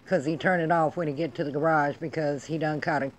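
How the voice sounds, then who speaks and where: A woman's voice: low voice, steady tone, quick pace. Blunt, profane middle-aged woman ranting. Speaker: vlog host. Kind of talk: casual ranting monologue.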